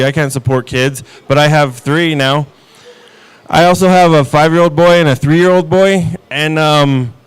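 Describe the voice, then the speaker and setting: Deadpan self-mocking stand-up comic man. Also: fairly high pitch, clear, resonant tone. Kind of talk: stand-up comedy set.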